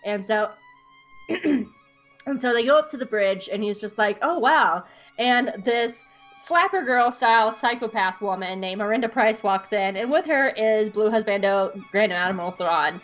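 A woman's voice: medium pitch, expressive, a little slow. A woman podcast host giving a casual, irreverent comedic recap, swearing and acting out quotes. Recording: dull lo-fi, faint music behind.

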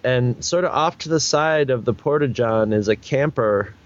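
A man's voice: mid-range voice, normal speed, muffled recording. A man telling a long casual anecdote, rambling and restarting often, and acting out other people's lines. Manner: rambling, with many restarts and fillers; acts out other people's lines in raised voices. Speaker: storyteller guest.

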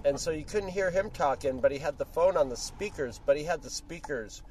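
A man's voice: fairly high pitch, expressive, a little fast, a little mellow. A man co-hosting a casual podcast from inside a car, telling crude jokes and stories. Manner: joking, crude storyteller. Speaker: podcast co-host. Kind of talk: casual chat recorded in a car. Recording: noisy car recording. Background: car and street noise.

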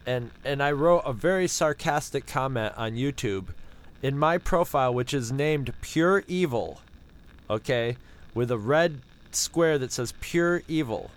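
A man's voice: mid-range voice, unhurried, rough recording. A man co-hosting a podcast, telling a sarcastic, profane story in casual, rambling chat. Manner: animated, rambling with restarts. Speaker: podcast co-host.

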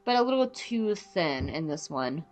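Rambling, animated woman podcast host. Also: deep voice, a little slow, faint music behind. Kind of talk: casual podcast chat.

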